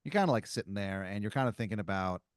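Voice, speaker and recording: A man's voice: on the low side, expressive, quick pace, no echo, studio quality. A man hosting a comedy podcast who improvises a second-person story, rambling through many fillers. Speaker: podcast host telling an improvised scenario.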